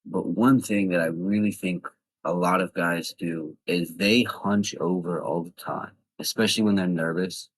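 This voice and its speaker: A young man with a very low, husky voice talks casually through voice tips. He rambles a little and leans on fillers as he explains, keeping things relaxed and informal. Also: a little slow, low-quality recording. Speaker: voice tips vlogger. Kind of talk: casual instructional talk.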